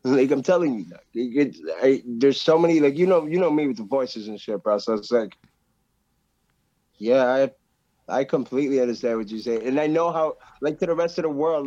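A man co-hosting a casual podcast, talking in animated slang with plenty of swearing and "bro". His voice sits a little high. The recording sounds dull and lo-fi.

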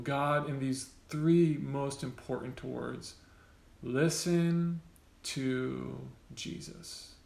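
A man's voice: fairly high pitch, fairly bright tone, roomy sound. A pastor delivering a conversational sermon to his church, often checking in with the congregation by asking "right?".

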